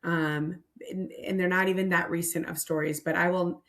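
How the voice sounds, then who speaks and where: A woman's voice: fairly low pitch, steady tone, moderate pace, a bit bright. A middle-aged woman leading a nonprofit mission, telling stories earnestly and reflectively in a podcast interview.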